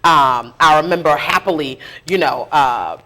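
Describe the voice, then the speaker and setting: Candid, animated woman activist storyteller. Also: low-pitched. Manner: animated, candid, quick to laugh at herself. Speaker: food justice activist and community organizer. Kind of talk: conversational storytelling in a public interview. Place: live interview event before an audience.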